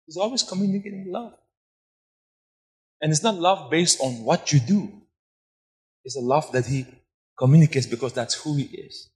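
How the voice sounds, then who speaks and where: A man preaches with fervor. His voice sits fairly high for a man, and he shifts between near-whispers and loud bursts while repeating phrases. A long reverb trails his voice through a large hall. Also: moderate pace, pauses often. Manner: impassioned preaching, swinging from soft to loud, repeating phrases for emphasis. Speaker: pastor. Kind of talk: sermon.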